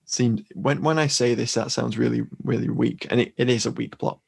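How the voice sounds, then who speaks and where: A man's voice: mid-range voice, fairly even intonation, fairly quick, vocal fry, breathy edge. A man co-hosting a podcast, recapping a film in casual chat with a dry, wry manner and frequent restarts. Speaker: podcast co-host.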